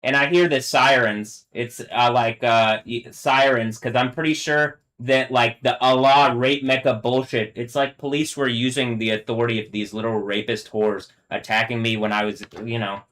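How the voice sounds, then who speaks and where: A man talking alone on a live stream in an angry, profane rant. His voice sits at an ordinary pitch for a man. He keeps stumbling and restarting, and he veers between quiet, low muttering and sudden, strained, high-pitched yelling. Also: fairly even intonation, poor audio. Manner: halting, filler-heavy, restarts often. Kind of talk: rambling solo live-stream monologue.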